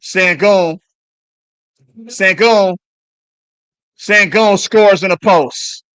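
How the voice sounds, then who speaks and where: A man calling a basketball game live as a fan on a stream, swearing and yelling at the players between play-by-play. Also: high-pitched, very slow, smooth, no echo. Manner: excited, profane trash talk at players. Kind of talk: fan play-by-play watch-along.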